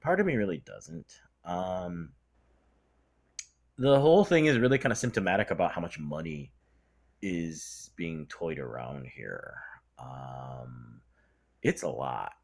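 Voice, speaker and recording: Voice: sits low, animated, slow, long pauses. A vlogger giving casual, sarcastic opinion commentary that rambles along and trails off into "blah, blah".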